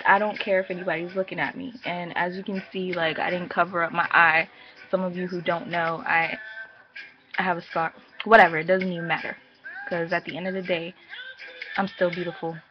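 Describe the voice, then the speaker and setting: A young woman telling a story in a casual vlog, chatty and animated, laughing and jumping high when exasperated. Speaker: vlogger. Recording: muffled with music playing behind.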